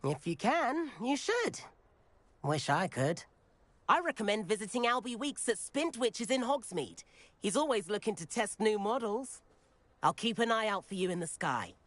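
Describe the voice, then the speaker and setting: Eager teenage schoolboy, video game dialogue, high voice, dry close sound. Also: male voice, sing-song, normal speed, fairly bright tone, dry recording. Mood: friendly. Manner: enthusiastic, encouraging. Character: friendly chatty teenage boy student, eager flyer. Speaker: fellow student.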